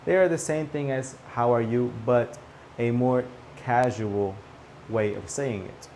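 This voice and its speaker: A man teaching a spoken English lesson, repeating example phrases clearly and checking in with "okay?". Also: mid-range voice, fairly even intonation, a little slow, darkish tone, a little hiss or hum.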